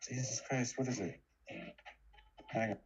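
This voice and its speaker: Husky man in rowdy, swearing banter. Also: mid-range voice, fairly even intonation, unhurried, a little mellow, highs cut off. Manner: joking, mock-formal, swears a lot. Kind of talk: loose profane banter.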